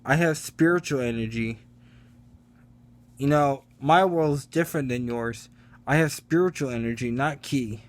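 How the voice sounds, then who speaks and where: A man's voice: mid-range voice, normal speed, lightly acted. A man voicing a brash young male street fighter who talks earnestly and insists on his point, repeating himself.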